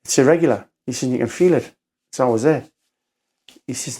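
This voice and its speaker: A man with a Geordie accent, a podcast guest telling a story in a rambling, halting way, acting out quotes with "I says". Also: medium pitch, darkish tone, slightly rough. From Newcastle, England. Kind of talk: casual storytelling conversation.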